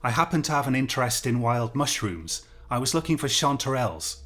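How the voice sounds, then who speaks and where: A man's voice: mid-range voice, animated, a little fast, fairly bright tone, close to an everyday voice. Brief: a man reading as a prim, pleading schoolteacher in a cell, defensive and earnest, audiobook story. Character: anxious pompous male schoolteacher prisoner, pleading.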